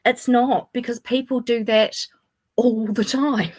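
Woman, sarcastic, animated storyteller, acts out quotes, casual radio chat. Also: a little high, takes it slowly. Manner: sarcastic, animated anecdote telling with acted-out quotes.

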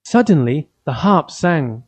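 Slow man reading a children's fairy tale. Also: on the high side, lively intonation, breathy edge. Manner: slow, simple, evenly paced storytelling. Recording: dull lo-fi recording.

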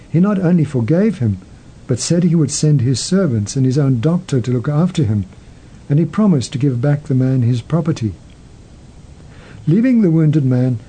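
A man hosting a show, narrating a story in a measured, gentle way. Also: medium pitch, slightly rough, rough recording. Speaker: host.

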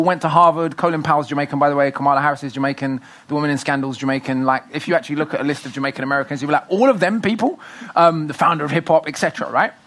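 Male, thirties, quick talker, emphatic festival guest. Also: medium pitch. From Britain. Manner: fast, animated, emphatic storytelling. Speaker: author and guest. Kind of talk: festival talk interview.

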